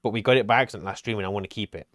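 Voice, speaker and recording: Racing along in a fairly bright, low-leaning voice, a male streamer comes through in studio quality without echo. It's casual co-op gameplay talk: he reasons out loud and jokes with his partner on stream.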